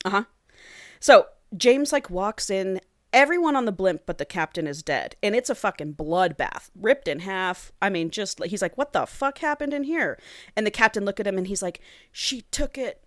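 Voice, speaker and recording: A woman's voice: medium pitch, lively intonation, moderate pace, a bit bright, dry recording, studio quality. A woman hosting a podcast, casually and animatedly retelling a book's plot and swearing freely. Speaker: podcast host. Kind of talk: casual book recap.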